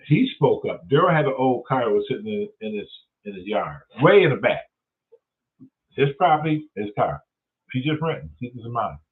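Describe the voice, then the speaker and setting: A man hosting his own show, telling stories in a casual, profane rant and acting out what people said. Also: medium pitch. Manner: profane, animated storytelling with acted-out quotes. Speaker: host. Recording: tinny phone-like sound.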